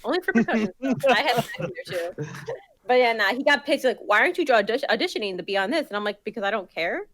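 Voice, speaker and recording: A woman's voice: fairly high pitch, animated, fast talker, fairly bright tone, slight background noise. A young woman in casual chat as a podcast co-host, telling a story full of swearing and acting out the people she quotes.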